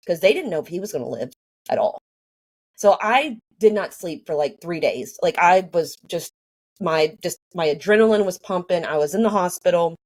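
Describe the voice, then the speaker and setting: A woman with a lowish, expressive voice talks at a normal speed, casually recounting her own story. She rambles with lots of fillers and acts out the things people said to her.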